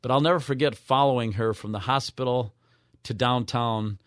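A man's voice: medium pitch, fairly even intonation, normal speed, no echo. Man telling a heartfelt story, dry studio sound. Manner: earnest storytelling with restarts. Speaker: guest, author.

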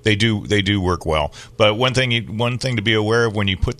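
A man hosting a call-in garden radio show, giving relaxed, practical advice to callers. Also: lowish voice, a little fast, no room sound. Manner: relaxed, informative, takes calls.

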